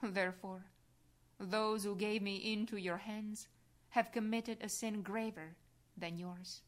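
A woman voicing a calm, suffering man answering. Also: mid-range voice, slow, lightly acted. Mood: solemn.

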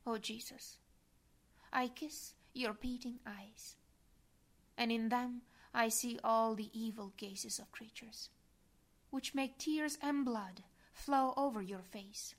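A woman reads a devotional prayer aloud, her voice sitting a little high. She keeps it soft and reverent, at times sinking to a breathy whisper. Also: fairly even intonation, slow. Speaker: devotional reader.

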